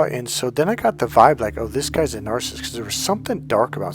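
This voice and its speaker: A man's voice: mid-range voice, very animated, fast talker, hardly any pauses. A middle-aged man coaching in a casual monologue, telling his own story in a candid, blunt way with frequent swearing.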